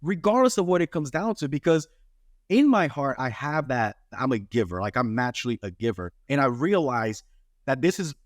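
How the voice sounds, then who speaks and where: Lively earnest man hosting a podcast. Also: mid-range voice, moderate pace, no room sound, clean studio sound. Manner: earnest, preachy, lots of "right?" tags. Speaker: podcast host. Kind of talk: casual interview chat.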